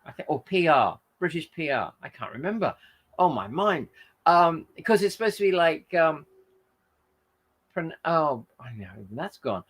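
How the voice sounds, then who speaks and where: A man's voice: on the high side, sing-song, a little slow, a bit bright, breathy edge. A man hosting a live stream, chatting casually and reading out viewer comments, rambling and often correcting himself mid-sentence. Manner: rambling, frequent self-corrections and fillers. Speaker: host.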